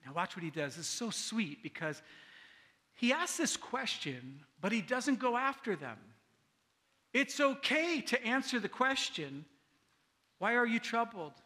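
A man's voice: extremely high pitch, big pitch swings, unhurried, sharp tone. A man pastor giving a casual, conversational sermon, often asking his listeners "right?" and acting out the people he quotes.

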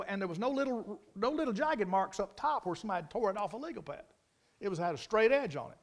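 A man's voice: sits high, fairly bright tone. A man preaching a sermon, telling stories in a folksy, emphatic way and repeating key phrases. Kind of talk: storytelling sermon.

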